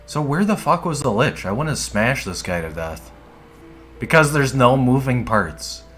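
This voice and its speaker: A man's voice: medium pitch, big pitch swings, measured pace, fairly bright tone, soft background music. A man casually chatting while he plays a game, rambling and laid-back and swearing often. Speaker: streamer playing a dungeon game. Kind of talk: casual gameplay commentary.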